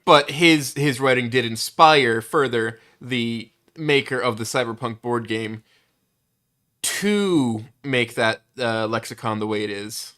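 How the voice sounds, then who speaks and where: A man's voice: mid-range voice, slow, bright, forceful tone. A young man chatting casually as a co-host, joking and self-deprecating. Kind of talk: casual chat.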